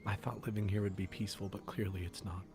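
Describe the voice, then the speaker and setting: A man voicing a worried, loving young farmer's wife who pleads in hushed whispers. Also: fairly low pitch, little pitch movement, fast, voice pushed up, natural voice.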